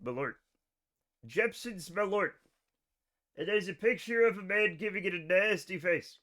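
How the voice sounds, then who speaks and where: An American game streamer hosts a casual livestream from home, rambling, scattered, and poking fun at himself. His voice sits high, expressive, bright and forceful, and a little slow.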